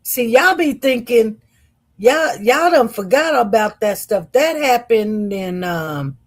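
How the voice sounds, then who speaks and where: A woman's voice: fairly high pitch, lively intonation. A woman, chatting casually on a livestream, reading viewer comments and calling her viewers y'all. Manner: chatty, slow and meandering, addresses viewers as y'all. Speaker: livestream host.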